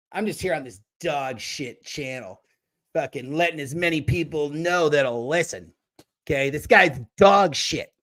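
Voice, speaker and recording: A man hosting a livestream, ranting and mocking chat commenters with a lot of swearing. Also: on the high side. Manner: profane, mocking, talks back to chat. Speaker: livestream host. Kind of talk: casual livestream rant.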